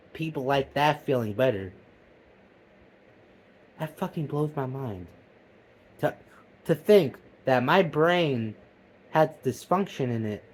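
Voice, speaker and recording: A man delivering a profane, heated comedic rant that swings between loud outbursts and low mutters. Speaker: vlogger. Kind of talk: comedic ranting monologue.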